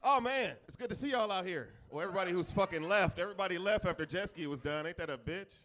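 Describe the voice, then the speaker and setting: A man's voice: sits high, quick pace, fairly bright tone. Griping, profane male stand-up comic. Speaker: stand-up comedian. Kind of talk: stand-up comedy set. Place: comedy club stage.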